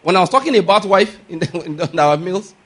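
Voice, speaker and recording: A man's voice: sits high, animated, quick pace, slightly rough. A man preaching a sermon as a pastor, pressing his points with repeated questions to the congregation. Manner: emphatic, drills points with call-and-response questions.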